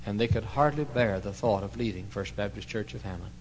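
Pastor, male, lowish voice, emotional storytelling sermon, hush-to-loud swings. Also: a little fast, slight background noise, rough recording.

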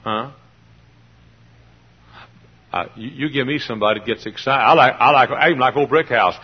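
A man's voice: mid-range voice, normal speed, pauses often, breathy edge, lo-fi sound. A man preaching a sermon with passion, hollering, pounding the pulpit and mimicking voices.

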